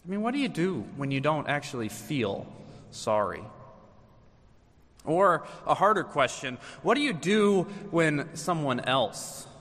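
A man's voice: a little high, very animated, measured pace, fairly bright tone, in a large hall. A man in his thirties, a pastor delivering a sermon in church, telling stories and acting out children's voices.

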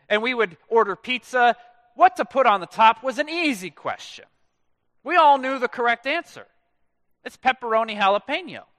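A male pastor in his thirties delivers a sermon with a high, lively voice that swings widely in pitch. His tone is bright, and the sound is dry and close. Phrase ends often sink into quiet, drawn-out drops. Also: no echo. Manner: animated storytelling with dramatic soft drops at phrase ends. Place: church.

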